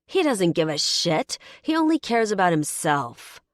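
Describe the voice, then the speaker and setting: A woman's voice: lowish voice, sing-song, unhurried, no room sound, clean studio sound. A woman voicing a scornful, snide mother in an audiobook, with a sneering edge. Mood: wheedling. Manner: mocking, snide. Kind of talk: audiobook character voice.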